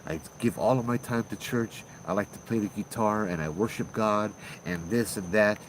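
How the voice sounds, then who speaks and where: A man quoting an older man from in a low, quiet, flat voice. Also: moderate pace, slight background noise, natural voice, low-quality recording. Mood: flat calm. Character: older local man, calm and unsettling.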